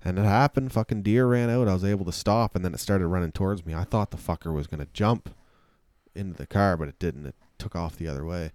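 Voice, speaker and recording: A man with a low voice, talking casually and swearing freely. He butts in with teasing remarks, recorded close and dry. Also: fast talker, darkish tone, no echo. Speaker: podcast co-host. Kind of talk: casual chat.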